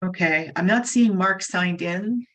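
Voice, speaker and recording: A woman hosting an online club meeting, brisk and friendly as she calls the next speaker. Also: on the low side, poor audio. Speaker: meeting host. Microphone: video call.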